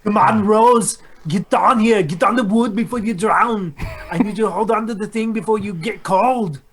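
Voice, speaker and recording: A man's voice: sits high, moderate pace, background noise, voice pushed up. A man doing a goofy, rambling impression of a lovesick young hero from a shipwreck movie. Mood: mock dramatic.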